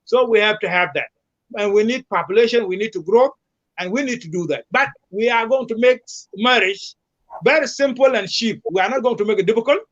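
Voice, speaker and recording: High-voiced man rallying. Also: brisk, muffled recording. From South Sudan. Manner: emphatic, repetitive rallying speech. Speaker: presidential candidate, guest. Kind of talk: remote talk-show interview.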